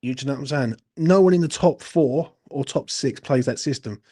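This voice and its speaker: A man's voice: medium pitch, fairly quick, warm tone, slightly rough. A young man hosting a late-night football fan live stream, ranting bluntly and swearing heavily as he reads viewer comments. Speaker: host of a football fan channel.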